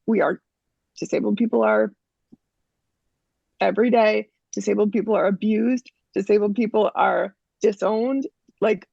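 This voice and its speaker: A woman's voice: on the high side, gravelly, a little mellow, dry recording, dull audio. A woman from Canada, a guest in an interview, talking frankly and emphatically with many restarts. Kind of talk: casual interview talk.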